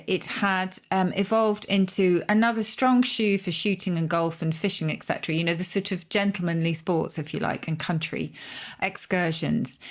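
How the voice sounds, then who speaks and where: An Englishwoman co-hosts a podcast about words, explaining where they come from in a thoughtful, measured way. She often adds hedges as she talks. Her voice sits a little low. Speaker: podcast co-host, word expert. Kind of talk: casual explanatory conversation.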